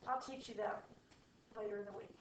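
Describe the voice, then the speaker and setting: A woman teaching math to a class, explaining slowly and checking often that students follow. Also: medium pitch, fairly even intonation, slight background noise. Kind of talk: classroom lecture. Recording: echoey room from far off.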